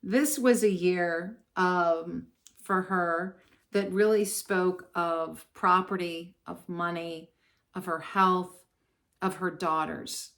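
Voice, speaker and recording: A woman's voice: fairly low pitch, fairly even intonation, slow, a bit bright. A woman from Maryland, an astrologer, talking casually and digressively to camera with plenty of fillers. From Maryland, USA. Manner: chatty, digressive, many fillers. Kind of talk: casual talking-head commentary.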